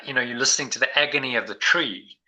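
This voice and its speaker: A man's voice: mid-range voice, quick pace, bright, forceful tone, poor audio. A man leading a spiritual discussion group, talking in a meandering, reflective way with many restarts. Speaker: meditation group leader.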